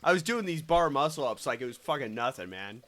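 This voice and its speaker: Mid-range and brisk, this man hosts a podcast where he tells animated stories in loose conversation, not holding back on the swearing.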